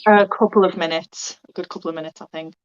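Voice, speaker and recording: A woman's voice: fairly low pitch, steady tone, quick pace, smooth. A woman playing in a tabletop role-play, speaking hesitantly and stammering. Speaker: player. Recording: dull lo-fi mic.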